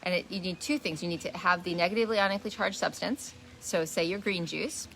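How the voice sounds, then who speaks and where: A woman explains a wellness lesson with a lowish, gravelly voice that has a bright, forceful edge. She talks earnestly, often stopping to restart or repeat a word. A faint background noise sits behind her. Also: fast. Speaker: wellness teacher. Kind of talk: casual live teaching talk. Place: indoors, shifting light.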